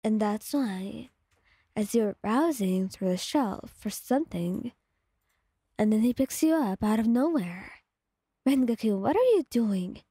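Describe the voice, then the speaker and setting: A woman with a breathy voice telling a calm second-person story in soft ASMR narration, close to the mic. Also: medium pitch, takes it slowly, no echo.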